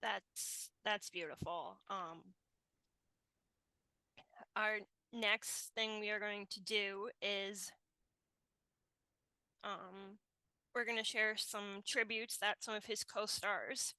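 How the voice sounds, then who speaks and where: Woman host, bright clear voice, slow unhurried pace, gentle halting manner, dry close sound. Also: medium pitch, fairly even intonation, no room sound, low-quality recording. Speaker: podcast host. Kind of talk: casual group chat.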